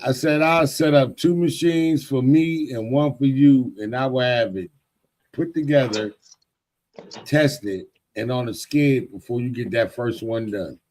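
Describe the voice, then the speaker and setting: A man's voice: mid-range voice, a little mellow, a little hiss or hum. A man in a casual podcast chat, telling work stories in a blunt, profane, boastful way.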